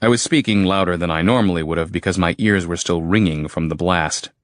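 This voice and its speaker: A man narrating a first-person horror audiobook in a steady, terse storytelling manner, recorded close on a studio mic. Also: low-pitched, brisk, dry recording.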